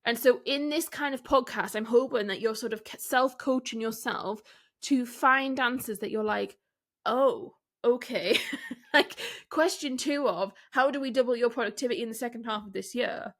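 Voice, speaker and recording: A fairly high-pitched woman talks straight to her listeners as a business coach. Her delivery is candid and direct, full of rhetorical questions and light laughs. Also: normal speed, fairly bright tone. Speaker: podcast host and business coach. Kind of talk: solo podcast coaching talk.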